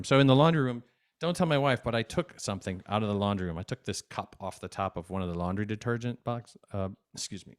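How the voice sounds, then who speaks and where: Smooth-voiced upbeat man teaching kids. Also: medium pitch. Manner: upbeat, chatty, speaks straight to young viewers. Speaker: children's music teacher. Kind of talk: at-home music lesson for kids. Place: home desk.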